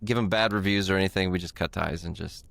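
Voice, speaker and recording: A man's voice: low-pitched, fairly even intonation, fast talker, creaky, fairly bright tone. A man co-hosting a casual podcast, easygoing and rambling with lots of fillers. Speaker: podcast co-host.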